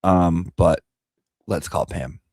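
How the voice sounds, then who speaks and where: A man's voice: deep voice, slow, darkish tone, slightly rough, no room sound. A man hosting a casual livestream chat, talking loosely with lots of fillers and restarts. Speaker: livestream host.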